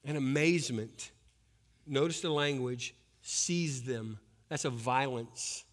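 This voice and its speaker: A man preaching a sermon, swinging between hushed, intense passages and loud, rising exhortation. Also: mid-range voice, a little slow. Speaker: pastor.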